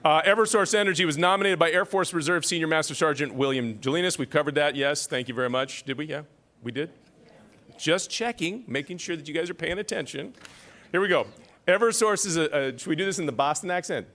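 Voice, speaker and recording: A man's voice: on the high side, brisk, fairly bright tone. A man emceeing an awards ceremony, reading citations with self-deprecating joking asides.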